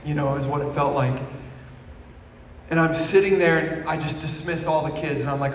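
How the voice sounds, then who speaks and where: A young man preaching a testimony sermon, telling his story, swinging from hushed to shouting. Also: fairly high pitch, a little fast. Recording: echoey hall from far off with faint noise.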